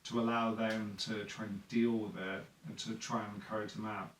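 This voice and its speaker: A man's voice: lowish voice, level tone, moderate pace, roomy sound, far from the mic, a little hiss or hum, poor audio. A man chatting casually on a podcast about running tabletop games, rambling with lots of fillers and acting out players' lines. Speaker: dungeon master guest.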